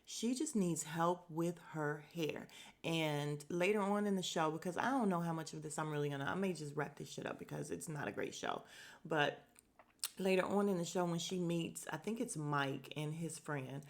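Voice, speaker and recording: Podcast host, woman, slightly low voice, casual and blunt, swears freely, jumps into quick impressions of the cast. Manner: acts out cast members' lines in quick asides. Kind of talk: casual reality-show recap.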